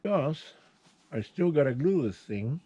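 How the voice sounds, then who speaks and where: A man's voice: animated, measured pace, warm tone, husky, highs cut off. An older retired man hosting his own channel, telling hunting and fishing stories in a casual, rambling way while he works on a small project. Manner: rambling, folksy, with restarts and sound words like "boom". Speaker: channel host. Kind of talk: casual vlog storytelling while working.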